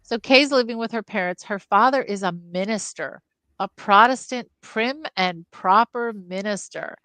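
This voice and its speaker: A woman co-hosting a casual film podcast, retelling book scenes with lively storytelling. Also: mid-range voice, a little slow, dry recording. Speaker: film club podcast co-host.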